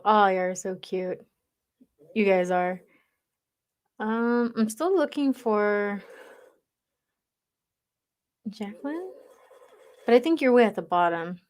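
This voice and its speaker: A woman chatting casually with viewers on a livestream, teasing them and reading their comments aloud. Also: mid-range voice. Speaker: livestream reader.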